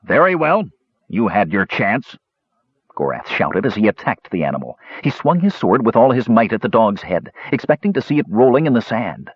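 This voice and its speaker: Male storyteller, scripted narration, expressive, husky, dry sound, slightly muffled. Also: lowish voice, brisk, few pauses, dry recording. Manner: expressive, dramatic reading.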